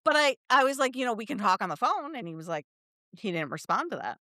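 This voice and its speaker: Podcast co-host, woman, lively storyteller, dry close sound. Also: on the high side, quick pace, no echo. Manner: animated storyteller, quotes people in put-on voices, laughs often. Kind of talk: casual chat, storytelling.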